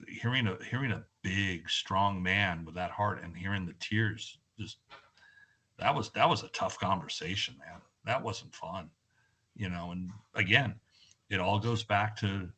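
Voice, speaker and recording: A man guest on a podcast, telling animated stories in a casual chat. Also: deep voice, unhurried, breathy edge. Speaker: guest musician.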